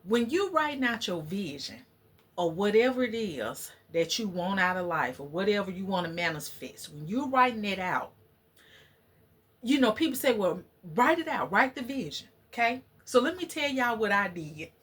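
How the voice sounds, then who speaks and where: Husky woman chatting to her viewers. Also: medium pitch, big pitch swings, normal speed, a bit bright. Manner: chatty, preachy, talks to viewers as y'all. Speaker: channel host. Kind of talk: casual chat to camera.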